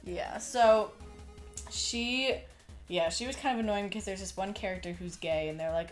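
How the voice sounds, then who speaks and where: A young woman at mid pitch talks with a co-host in a mocking, exasperated way. She acts out scenes in mock voices. Faint background music plays. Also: normal speed. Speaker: podcast co-host. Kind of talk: casual chat.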